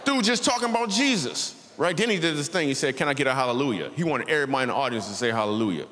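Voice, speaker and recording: A medium-pitched man in his thirties goes very fast with lively intonation and a fairly bright tone, telling a story and acting out voices in a church stand-up set. A little hiss or hum creeps in. The large auditorium gives a reverberant sound and faint ambience.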